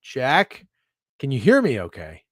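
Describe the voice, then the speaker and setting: A man's voice: mid-range voice, wildly swooping pitch, measured pace, fairly bright tone, no room sound, clean studio sound. A young man co-hosting a casual sports betting show over a video call, joking and swearing while fussing with his camera. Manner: profane, joking, flustered by camera trouble. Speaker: podcast co-host.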